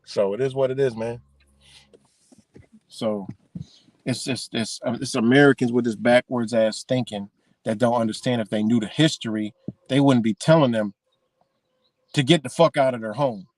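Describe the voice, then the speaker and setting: A man's voice: mid-range voice, fairly even intonation, normal speed, long pauses, darkish tone, dry recording. Profane ranting man, dry close sound. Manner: heated, profane, repeats himself. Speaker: vlogger.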